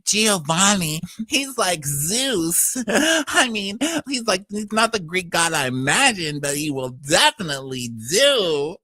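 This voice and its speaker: A man impersonating an over-excited woman who gushes and exaggerates everything. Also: sits high, slow pace, hardly any pauses, dry recording, voice pushed up, exaggerated voice. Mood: giddy. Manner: exaggerated, squealing delight.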